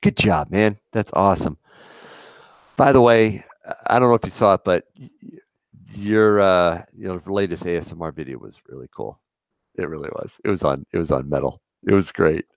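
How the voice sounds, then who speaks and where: A man's voice: deep voice, normal speed, no echo, clean studio sound. A man co-hosting a casual livestream, chatty and laughing often as he reads comments aloud. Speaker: livestream co-host. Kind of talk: casual live chat.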